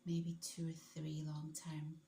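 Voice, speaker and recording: A woman's voice: low-pitched, monotone, takes it slowly, vocal fry, mellow, a little hiss or hum. Chatty woman in an echoey room. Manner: chatty, enthusiastic, rambling with restarts. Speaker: vlogger. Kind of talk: casual chat to camera.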